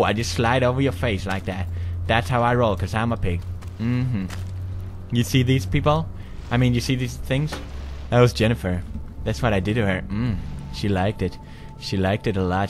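A man voicing a lazy, lewd male pig creature from a horror game, talking in a slow, low, suggestive drawl. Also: a little hiss or hum, close to an everyday voice.

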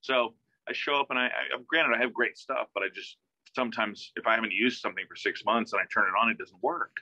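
A man tells a story as a casual interview guest, his tone very bright and forceful. He acts out other people's lines as he goes and often restarts his sentences. The video-call audio is dry and dull. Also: medium pitch, fast talker, dry recording. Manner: animated, acts out quoted dialogue, many restarts.

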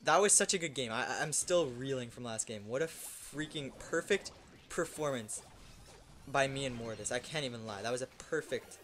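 A young man giving loose, excitable commentary over his own gameplay, swearing and shouting at wins and losses. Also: medium pitch, moderate pace, slight background noise. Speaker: gaming YouTuber.

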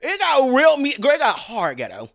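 Animated young man on a livestream. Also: very high-pitched, moderate pace, creaky. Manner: animated, dramatic, talks straight to viewers. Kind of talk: casual livestream chat.

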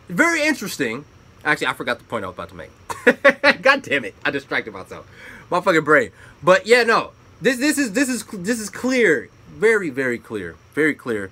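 A young man hosting his own opinion commentary channel, ranting with profanity and swinging between loud outbursts and low asides. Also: huge pitch swings, fairly quick.

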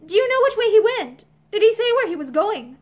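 A woman voicing a distressed young gentlewoman, pleading and agitated. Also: extremely high pitch, animated, normal speed.

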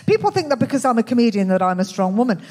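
A woman with a Birmingham accent performing a stand-up comedy set in a club, with a dry, deadpan, self-mocking delivery. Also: on the high side, rapid-fire. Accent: Birmingham English. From England. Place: comedy club with live audience.

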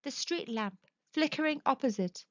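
A woman's voice: sits high, expressive, normal speed, a bit bright, no echo. A woman storyteller narrating a spooky classic tale in a dramatic, suspenseful way. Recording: dull, dry lo-fi recording.

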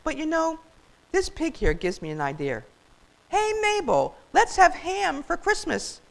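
A woman's voice: fairly low pitch, sing-song, moderate pace. A woman voicing a bewildered, chuckling old male farmer in a children's storybook reading, hollering to his wife.

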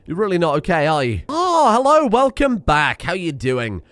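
A man commentating on a video game as a streamer, excitable, laughing and swearing often. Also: on the high side, moderate pace, no echo. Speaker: gaming streamer. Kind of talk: let's play commentary.

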